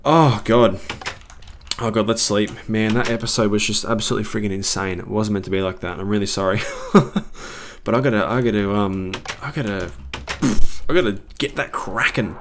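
Excitable man gaming. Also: on the low side, a little fast, slight background noise. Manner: excitable, swings between panic and cheering. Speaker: gaming video creator. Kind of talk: live gameplay commentary.

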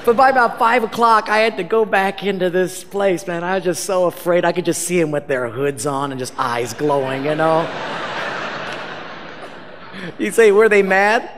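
A man preaching as a pastor, telling a story with animated, self-mocking humor and acting out the dialogue. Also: high-pitched, brisk, few pauses, a little hiss or hum. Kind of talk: storytelling sermon. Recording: reverberant hall.

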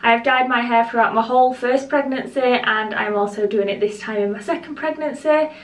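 A woman's voice: fairly high pitch, fairly even intonation, brisk. A woman beauty vlogger chatting to her viewers at home, rambling a little and a bit out of breath. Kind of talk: casual chat to camera. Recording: roomy echo, voice a bit distant from the mic.

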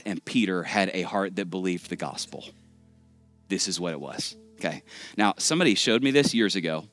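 Joking, animated man preaching a sermon. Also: fairly low pitch, no echo. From Texas. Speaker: pastor. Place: large church auditorium.

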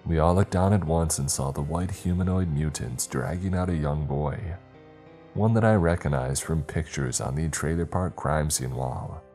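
Male horror narrator, extremely low voice, steady measured read, faint music underneath.

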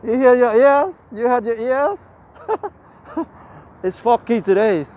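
A man's voice: extremely high pitch, expressive, takes it slowly, lo-fi sound, slight background noise. A man hosting a live walking-tour stream outdoors in a city park, chatting cheerfully in simple broken English and thanking viewers by name. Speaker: livestream walking-tour host. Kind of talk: casual live-stream chat.

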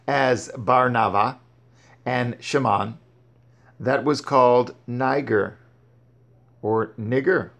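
A man's voice: medium pitch, takes it slowly, gravelly, long pauses, a bit bright. A man reading Bible verses aloud and breaking off to explain and exhort. He often stumbles and restarts his words. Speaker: Bible teacher. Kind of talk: scripture reading with commentary.

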